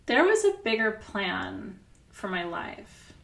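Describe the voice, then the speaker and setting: A woman's voice: mid-range voice, sing-song, takes it slowly, gravelly, roomy sound. A middle-aged woman coach talking candidly and animatedly, telling stories with laughter and the odd swear word. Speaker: spiritual coach. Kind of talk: casual coaching session.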